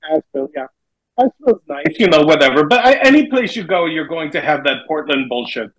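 A man from North Carolina chats in a relaxed, wry way on a podcast, quick to laugh. His voice sits a little higher than most men's. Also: low-quality recording. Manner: laid-back, wry, laughs easily. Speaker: podcast co-host. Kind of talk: casual chat.

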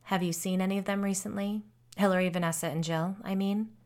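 A woman's voice: mid-range voice, fairly even intonation, close to an everyday voice. Woman doing a friendly nervous lady who makes quips, audiobook. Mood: chatty. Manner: friendly, self-deprecating, quick quips. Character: nervous grown woman haunted since childhood.

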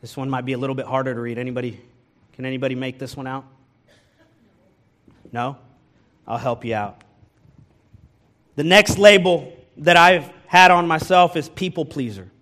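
A man's voice: mid-range voice, normal speed, long pauses, a bit bright. A man from the American Midwest, a pastor giving a candid sermon, telling personal stories and speaking straight to his congregation with self-deprecating humor.

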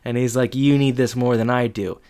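A man's voice: mid-range voice, steady tone, a little fast, darkish tone, clear, resonant tone. A man casually retelling a TV episode, full of fillers like "um" and "like" as he walks through the scenes. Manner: loose, filler-heavy retelling with frequent "like" and "um". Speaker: podcast co-host recapping a TV episode. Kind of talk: casual chat.

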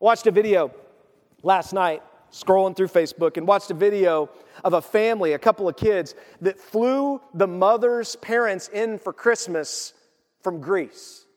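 A male pastor preaching a sermon, telling stories with lively acted-out quotes. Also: high voice, unhurried. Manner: animated storytelling, acts out quoted voices. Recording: long hall reverb.

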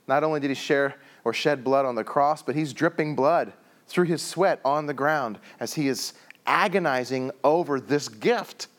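A middle-aged man preaching a sermon, telling stories and dropping his voice low for emphasis. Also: normal speed. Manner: storytelling with acted quotes and sudden quiet drops. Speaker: pastor.

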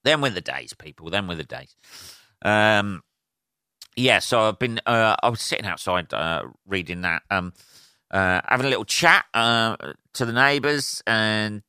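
Low-voiced rambling man. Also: animated, unhurried, sharp tone, clean tone, dry recording, clean studio sound. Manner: rambling, swears freely, full of fillers. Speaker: podcast host. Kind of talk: casual solo podcast monologue.

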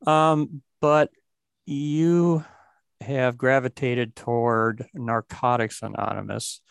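Low gravelly man, reflective talk, dry close sound. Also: steady tone, takes it slowly, dry recording. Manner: reflective, restarts often. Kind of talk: recovery conversation.

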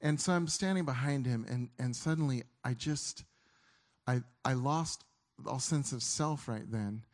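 A middle-aged man preaching a sermon, telling a story in an earnest way that halts and restarts often. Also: medium pitch. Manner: earnest, halting, with frequent restarts.

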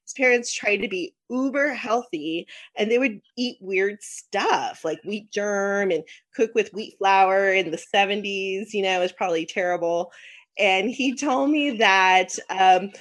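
A woman's voice: medium pitch, a little slow. Chatty woman telling a story. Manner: animated storyteller, acts out quotes, laughs often. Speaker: podcast host. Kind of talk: casual storytelling chat.

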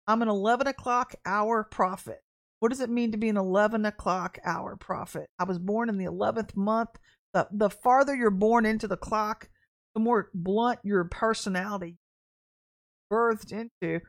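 At a moderate pace and medium pitch, a middle-aged woman hosts her livestreamed prophetic podcast. She is animated and direct, often laughing at herself and saying things twice to stress them.

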